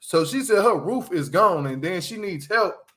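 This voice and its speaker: A man's voice: high-pitched, lively intonation, moderate pace, fairly bright tone. A young man in casual commentary, recapping a reality show in a slangy, rambling way and laughing often.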